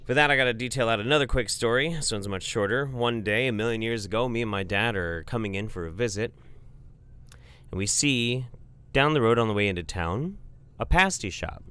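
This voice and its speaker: A man's voice: mid-range voice, fairly quick, a bit bright, clean tone. A man casually telling a comic family story, rambling and profane, with lots of fillers.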